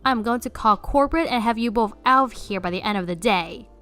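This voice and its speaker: Woman doing a shrill, outraged entitled mother. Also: expressive, brisk, sharp tone. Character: indignant entitled mother, middle-aged, loud.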